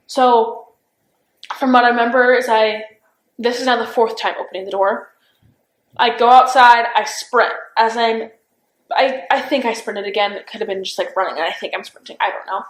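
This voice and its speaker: A young woman with a slightly high voice speaks haltingly, circling back with "like" and restarting sentences as she tries to remember. It was recorded in a roomy, echoey interview room. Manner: halting, full of "like" and restarts, unsure. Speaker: interviewee recounting events.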